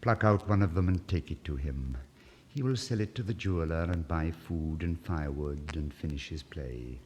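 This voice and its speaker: A man voicing a gentle, sorrowful statue prince, speaking low, slow and hushed. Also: slight background noise. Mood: grave. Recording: reverberant old vinyl studio recording.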